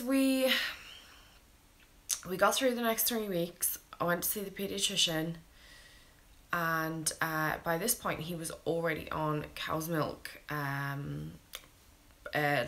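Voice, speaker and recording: A woman's voice: deep voice, fairly bright tone. A British mother, tired, telling her baby's story to camera in a blunt, candid way and swearing freely. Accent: British English.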